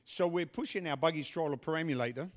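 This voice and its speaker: A middle-aged man telling a story and giving announcements at a church service, animated, with loud bursts. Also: on the high side, fast. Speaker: pastor.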